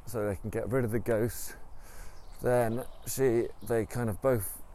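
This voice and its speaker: A man's voice: medium pitch, fairly even intonation, a little slow, dark tone, a little hiss or hum. A man retelling a story in a casual, rambling way, with many ums and restarts. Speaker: podcast storyteller.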